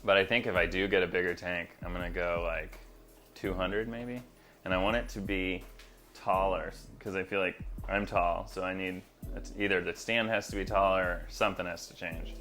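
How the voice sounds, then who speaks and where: A man's voice: low voice, normal speed, faint music behind. A man who keeps a reef tank at home, chatting casually and rambling with lots of fillers on a tank tour. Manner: relaxed, rambling, many fillers.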